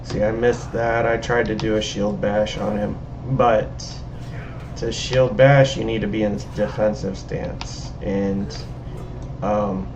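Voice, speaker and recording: A man's voice: on the low side, fairly even intonation, slow, noisy background. A man streaming a game and chatting over a voice call, a rambling storyteller who laughs at his own stories. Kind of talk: casual chat. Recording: dull lo-fi call audio.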